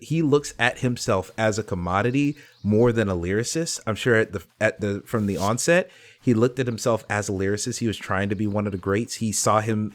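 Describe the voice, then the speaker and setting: A man with a fairly low voice talks through an album review in a loose, conversational way. He rambles, swears freely and leans on fillers, getting animated when something excites him. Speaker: music reviewer. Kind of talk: casual album review commentary.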